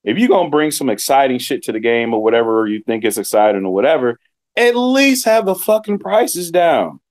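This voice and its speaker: A man's voice: medium pitch, very animated, fairly quick. Laid-back swearing young man. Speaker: co-host. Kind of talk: casual ranting chat.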